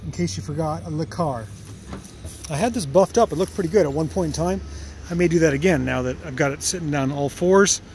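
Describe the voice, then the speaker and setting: In his home workshop and driveway, a channel host who restores cars gives a casual walkaround, wandering through talk of his project and catching his own errors along the way. He loves the cars. His voice is on the high side and a little mellow, with a little hiss or hum in the audio.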